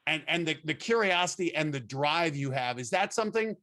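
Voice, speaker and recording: A man interviewing a colleague in a casual chat, halting with many restarts and repeated words. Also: a little high, animated, sharp tone.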